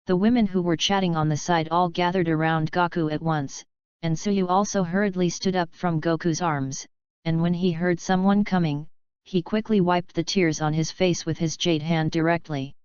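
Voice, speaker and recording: A woman reading fan fiction aloud as an audiobook in a steady, even way. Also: on the low side, moderate pace, clear, resonant tone, no room sound. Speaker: audiobook reader. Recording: slightly dull lo-fi recording.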